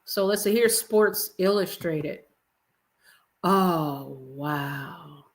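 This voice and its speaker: A woman hosting an evening livestream, giving chatty, expressive commentary and talking straight to her viewers. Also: on the low side, very slow. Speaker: livestream host. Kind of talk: casual commentary chat.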